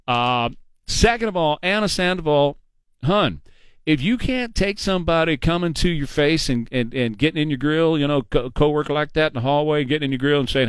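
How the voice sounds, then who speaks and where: A man's voice: on the high side, moderate pace, clean tone, no echo, studio quality. A man hosting a talk radio show, blunt and mocking in his opinions. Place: radio studio. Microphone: studio microphone.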